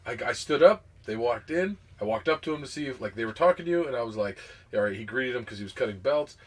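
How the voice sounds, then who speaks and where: A man with a slightly husky voice rambles through a story on a casual podcast. He jumps between quotes and asides and talks loosely, at a middle pitch. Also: expressive, fast. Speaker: podcast co-host.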